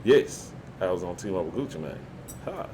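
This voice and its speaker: A man's voice: sits low, moderate pace, a little hiss or hum. A man telling a story as a podcast guest, casual and profane, often acting out what others said. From Birmingham, Alabama. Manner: animated, profane, acts out quotes.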